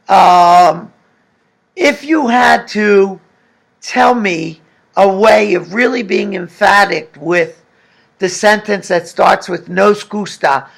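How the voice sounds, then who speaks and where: A man's voice: high voice, creaky, fairly bright tone. A man teaching a recorded language lesson, patiently explaining and asking the class questions. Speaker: Spanish teacher.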